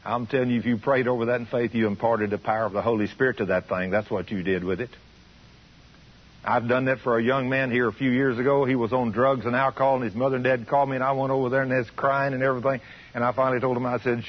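A man's voice: mid-range voice, steady tone, quick pace. A man preaching a fervent, folksy sermon on the radio. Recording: muffled radio broadcast.

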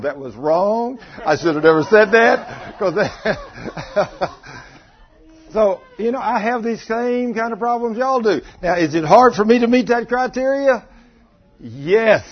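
Husky preacher telling folksy stories. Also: male voice, high voice, expressive, measured pace. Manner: folksy storytelling, teasing the congregation. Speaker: pastor. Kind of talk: sermon. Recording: dull lo-fi sound.

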